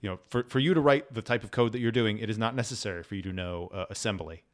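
A man in casual conversation as a podcast co-host, explaining points in a measured way with repeated words. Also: on the low side.

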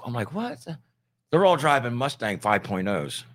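A man's voice: mid-range voice, expressive, moderate pace, a bit bright. A middle-aged man from Ohio telling a band road story in casual chat, easygoing and quoting people in dialogue. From Ohio, near Youngstown.

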